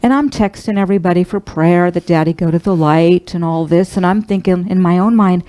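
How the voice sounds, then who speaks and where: A middle-aged woman minister giving a sermon, telling a personal story in a tender, heartfelt, halting way. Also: on the low side, dark tone, poor audio.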